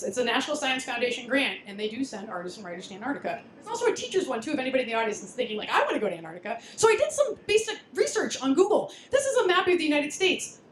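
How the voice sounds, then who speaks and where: A woman's voice: high voice, slight background noise. A woman in her thirties giving a casual live talk with slides, chatty and self-deprecating, laughing often and restarting her sentences. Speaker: speaker at a science talk night. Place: lecture venue with audience. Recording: echoey room, faint ambience.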